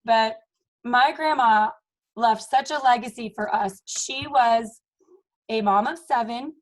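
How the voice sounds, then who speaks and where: A woman's voice: a little high, slow, low-quality recording. A woman in her thirties speaking on a team call with upbeat, emphatic motivational talk, often tagging her points with "okay?" and "you guys". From Maryland, US. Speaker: team leader.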